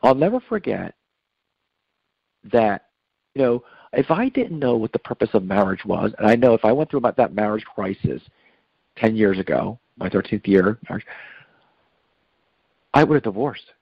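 A man's voice: on the low side, big pitch swings, moderate pace, gravelly, pauses often, husky, no echo, muffled recording. A middle-aged man giving earnest, preachy advice on marriage as a guest on a Catholic radio talk show, repeating himself with fillers.

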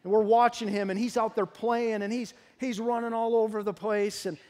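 A man preaching in a church, his fairly high voice ringing with a long reverb off the sanctuary walls. He tells lively, humorous stories about his family to the congregation. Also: normal speed. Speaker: pastor. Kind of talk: sermon with personal stories.

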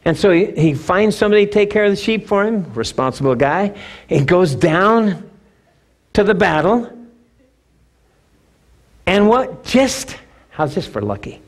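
A male pastor preaching a sermon, telling a story with animated, emphatic repeats. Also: high voice, unhurried, long pauses.

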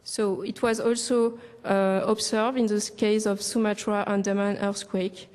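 Female science presenter, halting delivery with lots of ums, in a large echoing conference room. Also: medium pitch, level tone, darkish tone. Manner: hesitant, many fillers and restarts.

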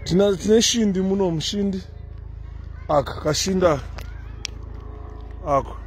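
A man's voice: high voice, unhurried, a little hiss or hum. A man with a Zimbabwean accent giving a rambling, casual commentary to viewers while strolling through an outdoor city park, recorded on a handheld phone. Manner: rambling, conversational, chatty asides to viewers. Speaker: vlogger.

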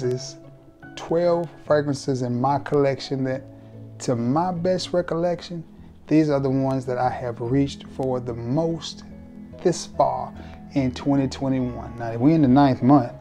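Laid-back man with a mellow voice. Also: medium pitch. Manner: laid-back, joking, colloquial, talks straight to viewers. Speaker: fragrance reviewer. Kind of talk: casual fragrance review vlog.

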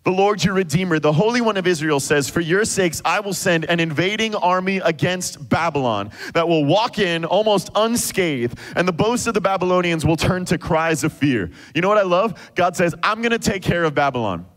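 A male pastor preaching a lively sermon, acting out quoted voices of God and the people. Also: high-pitched, moderate pace, hardly any pauses.

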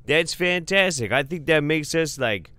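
A man voicing a huge, jovial Finnish-American uncle from a tiny northern town, in a broad Upper Midwest accent with a drawn-out "eh.". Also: fairly high pitch, animated, sharp tone, clear, resonant tone, no echo, pitched above the performer's own voice. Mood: delighted.

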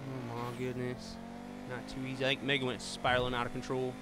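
A man's voice: mid-range voice, completely flat delivery, a little fast, background noise. A man streaming a racing game, chatting with viewers and friends and exclaiming often. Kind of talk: live gameplay commentary.

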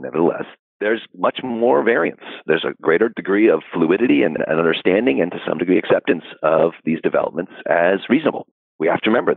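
A man explaining history in an interview, thoughtful and unhurried, with frequent fillers. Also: extremely low pitch, creaky, breathy edge, no room sound. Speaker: historian guest. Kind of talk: academic interview answers. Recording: dry, phone-like audio.

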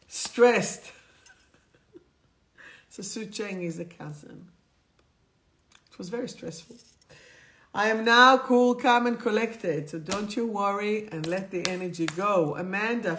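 A woman's voice: mid-range voice, a bit bright. A woman hosting a live stream, reading affirmation cards to viewers and repeating them, often laughing.

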